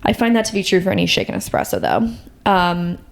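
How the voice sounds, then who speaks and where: A young woman co-hosting a podcast in casual chat, chatty and playful, quick to laugh. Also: on the low side, huge pitch swings, gravelly, slight background noise. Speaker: podcast co-host.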